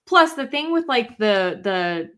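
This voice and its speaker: A woman's voice: fairly high pitch, very animated, takes it slowly, a bit bright. A young woman co-hosting a podcast in casual chat, reflective and talking things through. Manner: reflective, talks things through with many fillers. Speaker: podcast co-host.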